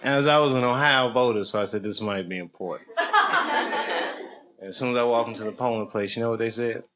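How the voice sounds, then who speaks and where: A middle-aged man doing stand-up storytelling on stage, loose and conversational, building to loud excited bursts. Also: medium pitch, moderate pace, a crowd in the background. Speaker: stand-up comedian. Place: comedy stage with live audience. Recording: noisy live show recording. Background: audience laughter.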